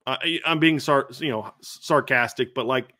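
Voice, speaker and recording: A man's voice: medium pitch, normal speed, pushed and bright. A middle-aged man hosting a sports podcast, animatedly reeling off statistics with frequent restarts. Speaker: podcast host. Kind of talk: sports analysis chat.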